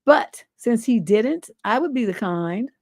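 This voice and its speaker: A woman's voice: on the high side, animated, a little slow, a little mellow, no room sound, clean studio sound. Blunt, forthright woman advice host. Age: middle-aged. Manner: blunt, forthright, emphatic, swears freely. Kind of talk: livestream advice talk, reading a viewer letter.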